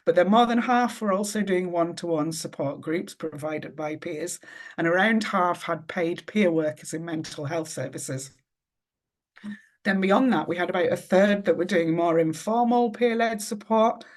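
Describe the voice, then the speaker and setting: A researcher presents survey findings on a webinar, going through figures from slides point by point, heard through a computer microphone. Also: medium pitch.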